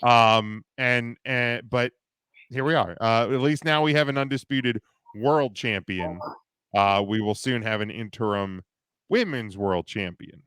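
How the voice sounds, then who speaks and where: A man's voice: medium pitch, a little slow, fairly bright tone, clear, resonant tone, no echo. A man co-hosting a casual podcast, talking in rambling, opinionated runs full of restarts. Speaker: podcast co-host. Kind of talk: casual wrestling podcast chat.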